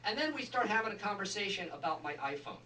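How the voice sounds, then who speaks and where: A man doing stand-up, telling a story with animated asides and acted-out quotes. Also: sits high, fast. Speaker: stand-up comedian. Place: live comedy venue. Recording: echoey room, far from mic, audience noise.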